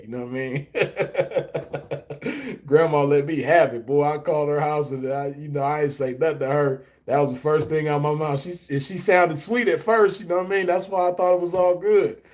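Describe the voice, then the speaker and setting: A man's voice: on the high side, fairly even intonation, normal speed, a little mellow. Laid-back man telling a story. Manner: loose storytelling with "you know what I mean" fillers. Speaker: host reading chat comments. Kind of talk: casual monologue.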